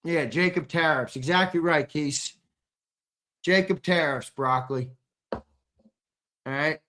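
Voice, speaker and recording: Co-hosting a live sports stream, a young man reads the chat in a brash, teasing, profane manner. His voice is slightly high, slow and sharp, and it sounds a little strained.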